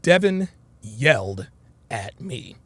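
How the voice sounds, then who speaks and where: A man's voice: medium pitch, big pitch swings, takes it slowly, fairly bright tone, breathy edge, dry recording. A man hosting a casual commentary monologue, telling a story in a profane, storytelling way. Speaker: commentary host.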